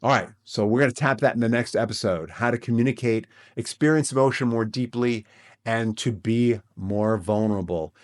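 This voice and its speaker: Guy hosting a relationship podcast, regular pitch, earnest and kinda excitable, keeps saying "right?". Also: normal speed. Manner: earnest, excitable, repeats himself and says "right?" often. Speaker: podcast host. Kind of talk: relationship coaching podcast monologue.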